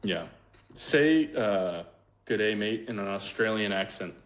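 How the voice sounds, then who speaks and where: A man co-hosting a podcast over a remote call, playful and quick with casual swearing. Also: fairly low pitch, animated, a bit bright, a little hiss or hum. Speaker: podcast co-host. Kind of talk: casual chat.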